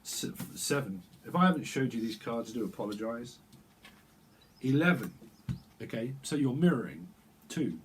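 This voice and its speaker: A man's voice: medium pitch, lively intonation, moderate pace, long pauses, a little hiss or hum, rough recording. A man giving a casual, rambling tarot reading, chatty and prone to breaking into snatches of song. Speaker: tarot reader.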